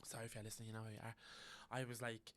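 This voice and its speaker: A man's voice: lowish voice, monotone, very fast. A young Irish man co-hosting a podcast, chatting casually in a blunt, gossipy way and swearing freely. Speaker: podcast co-host. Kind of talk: casual chat.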